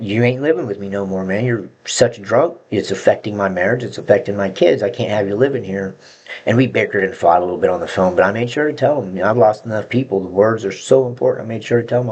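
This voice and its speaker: A man's voice: lowish voice, husky, dull audio. A man telling his own story in a blunt, profane, rambling way, breaking into nervous laughs. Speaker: vlogger sharing his addiction story. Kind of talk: candid confessional monologue.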